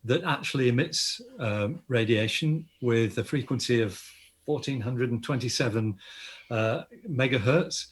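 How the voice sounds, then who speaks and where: A man's voice: mid-range voice, unhurried. An older Australian man, an astronomer guest, explaining science enthusiastically in an interview with frequent restarts. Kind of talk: interview conversation.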